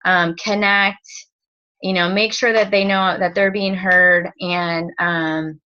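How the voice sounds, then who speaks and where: Bright-toned woman giving a casual training talk. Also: on the low side, steady tone, takes it slowly. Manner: rambling, lots of fillers and restarts. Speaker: direct-sales team leader. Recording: dull lo-fi recording.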